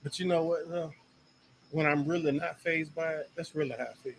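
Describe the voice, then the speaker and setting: A man's voice: on the high side, steady tone, a little fast, slight background noise, poor audio. A man co-hosting a casual talk show, easygoing and agreeable, who often restarts his sentences. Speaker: podcast co-host. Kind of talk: casual chat.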